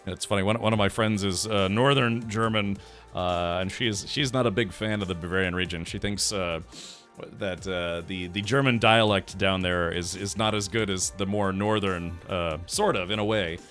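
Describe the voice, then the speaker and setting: A man on a game live stream, reading update notes aloud and chatting with viewers in a halting way with frequent restarts. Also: sits low, steady tone, a bit bright, soft background music. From United States.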